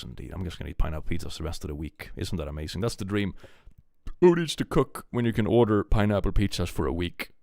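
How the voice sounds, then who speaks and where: A man's voice: low-pitched, dry recording, studio quality. A man live-streaming from home, chatting playfully and reacting to his viewers' messages. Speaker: livestreamer. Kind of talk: casual livestream chat.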